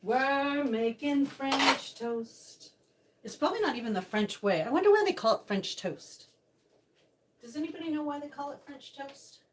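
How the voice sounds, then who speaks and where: Older lady chatting away on her cooking stream, bubbly, slightly higher voice. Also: lively intonation, moderate pace, a little hiss or hum. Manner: chatty, bubbly, greets viewers by name. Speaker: livestream host. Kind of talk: casual live-stream cooking chat. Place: home kitchen.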